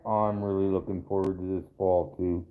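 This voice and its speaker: A man's voice: low voice, level tone, normal speed. Rambling man on a tinny stream. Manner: rambling, profane, talks straight to viewers. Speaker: livestream host reading viewer chat. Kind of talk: casual live-stream chat. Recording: tinny phone-like sound.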